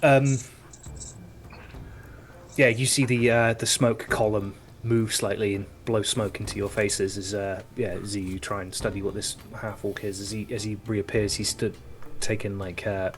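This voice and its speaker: A man narrating as game master of a tabletop game, who pauses often as he searches for the words to describe each scene. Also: lowish voice, level tone.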